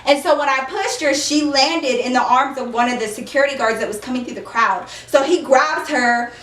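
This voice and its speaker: A woman's voice: sits high, fairly quick, echoey room, distant mic. A young woman telling a heated story on her vlog, emphatic, with lots of "like" and "okay?" asides. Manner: emphatic, heated, acts out the scene, shouts quoted lines; frequent fillers and "okay?" asides. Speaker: vlogger.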